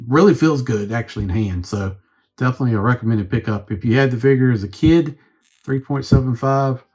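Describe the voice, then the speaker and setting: A man's voice: medium pitch, a little fast, darkish tone, husky. A man reviewing a toy on his own channel, rambling and thinking aloud as he fiddles with the figure. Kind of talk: casual unscripted review.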